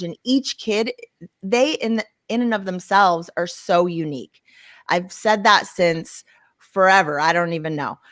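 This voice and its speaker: On a casual podcast, a middle-aged woman co-host tells stories with animation, laughing at herself and acting out her own yelling. Her voice is medium in pitch, and the recording is dry with clean studio sound.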